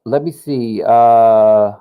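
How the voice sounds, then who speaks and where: This gamer talks through a political sim in a medium-pitched, clear, resonant voice, moving extremely slowly. His casual running commentary is slang-heavy, with frequent "yo" exclamations, lots of fillers and restarted thoughts. The sound is phone quality.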